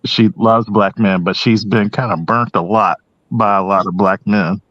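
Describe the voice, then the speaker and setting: Hesitant low-voiced man on a panel. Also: steady tone, normal speed, a bit bright, dry recording, lo-fi sound. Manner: hesitant, many restarts and ums. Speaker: panel guest. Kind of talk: casual panel discussion.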